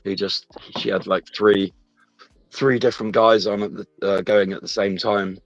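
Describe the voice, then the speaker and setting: A low-voiced man rambles through a personal story, stopping and restarting mid-sentence. The sound is dull and lo-fi, dry, with faint music underneath. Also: fairly even intonation, dry recording. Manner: rambling, halting, many restarts. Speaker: guest. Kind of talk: casual chat, personal story.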